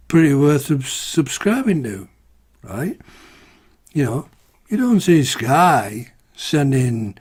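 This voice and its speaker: A UK vlogger with a mid-range, darkish voice and a breathy edge rants to camera with his opinions in a casual vlog. He's exasperated and rhetorical, constantly peppering his talk with "right?" and "you know."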